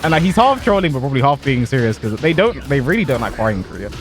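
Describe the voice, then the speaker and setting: A young man chatting casually about a fighting game while he plays, animated and given to exaggeration, laughing at himself now and then. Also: medium pitch, racing, loud music behind the voice. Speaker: pro fighting game player and content creator. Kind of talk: casual commentary over gameplay.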